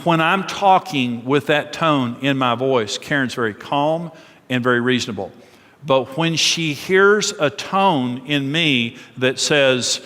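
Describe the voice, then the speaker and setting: A man's voice: mid-range voice, a little slow, fairly bright tone. A middle-aged man preaching an earnest, emphatic sermon on marriage in a church. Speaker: pastor. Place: church sanctuary. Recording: long hall reverb.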